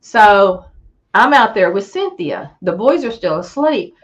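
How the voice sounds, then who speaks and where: A woman's voice: mid-range voice, lively intonation, measured pace, dull audio. A woman guest on a podcast, telling a story in casual chat and acting out the people she quotes.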